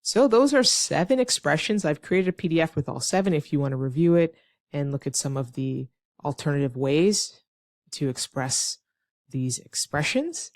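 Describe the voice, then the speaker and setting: An American woman teaching English phrases in an online lesson, lively and with playful acted-out examples. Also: sits low, moderate pace, no room sound, clean studio sound.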